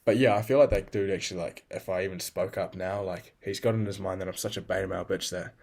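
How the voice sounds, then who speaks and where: A man's voice: low voice, fairly even intonation, fast, vocal fry, darkish tone. A man keeping a casual video journal, bluntly and profanely telling himself off in the second person. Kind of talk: casual self-talk journal.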